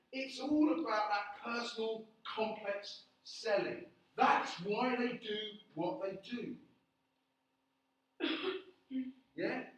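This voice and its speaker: A man giving a classroom lecture, animated, often checking in with the class by asking "yeah?". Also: sits high. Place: lecture room. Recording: echoey classroom, distant, dull.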